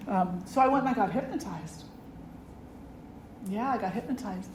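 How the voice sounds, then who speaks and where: A middle-aged woman, a spiritual teacher, giving an earnest dharma talk and telling stories with gentle humor. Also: on the high side, expressive, normal speed, pauses often. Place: ashram hall. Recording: echoey room with faint noise.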